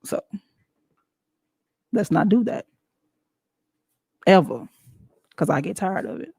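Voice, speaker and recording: A woman hosting a show, talking in a casual, animated and emphatic way with frequent laughs. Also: fairly low pitch, takes it slowly, creaky, husky, no room sound. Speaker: show host. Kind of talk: casual talk-show monologue.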